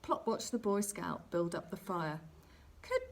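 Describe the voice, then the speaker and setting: Gentle woman reading a bedtime story. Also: on the low side, unhurried, gravelly. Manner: gentle, expressive narration. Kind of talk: storybook read-aloud.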